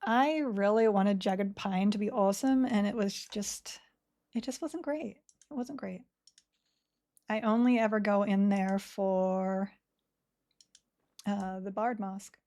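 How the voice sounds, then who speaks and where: A woman streams a game and chats easygoingly with her viewers. She talks at an unhurried pace, letting her words blend together, and breaks into frequent little laughs. Her voice sits at a middling pitch. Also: fairly even intonation, warm tone. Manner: chatty, laughs often, reads chat aloud. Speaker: streamer playing an online game. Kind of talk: casual live-stream chat.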